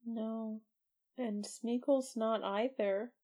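A woman's voice: a little high, fairly even intonation, drawn-out words, warm tone. A woman co-hosting a podcast, chatting casually and emotionally about a book, full of "like" and trailing thoughts. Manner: emotional, gushing, with many fillers. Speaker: podcast co-host.

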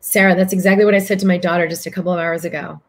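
A woman's voice: lowish voice, flat delivery, racing. A woman hosting a livestream who answers viewer comments as a spiritual coach, talking earnestly and repeating phrases for emphasis. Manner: acts out other people's voices in quotes.

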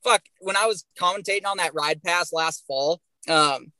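A young man tells his stories with real energy, swearing all the way through. His voice sits a bit high and sounds bright and sharp. The recording is dry and close. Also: moderate pace, dry recording, rough recording. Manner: animated, swears constantly. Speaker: guest, pro bull rider. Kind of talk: profane storytelling on a podcast.

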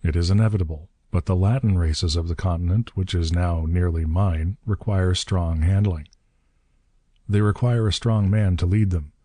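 Brief: man reading as elderly mastermind, mild and smooth-talking, low pitch, dry close sound. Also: normal speed, no room sound. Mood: persuasive. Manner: gentle, soft-spoken, suave. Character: elderly benevolent-seeming male villain mastermind.

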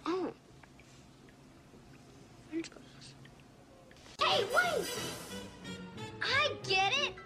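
An actor playing an excited young boy who eagerly catches on to a joke, heard as a faint film clip. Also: extremely high pitch, drawn-out words, long pauses, faint music behind, full character voice. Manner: eager, exclaiming.

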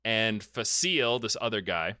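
Young man, podcast host, animated storyteller, bright tense voice, dry close sound. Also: on the low side, moderate pace, clear, resonant tone, no echo. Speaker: podcast host recapping a film. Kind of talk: casual comedic chat.

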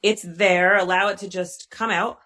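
A woman's voice: medium pitch, flat delivery, normal speed, pushed and bright. Candid chatty woman host. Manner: candid, chatty, self-disclosing. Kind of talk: podcast discussion.

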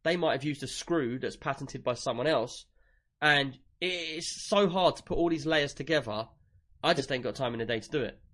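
A man's voice: mid-range voice, normal speed, a bit bright. A man with an English accent co-hosting a casual tech chat show, chatty and jokey, reading listener questions aloud. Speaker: podcast co-host.

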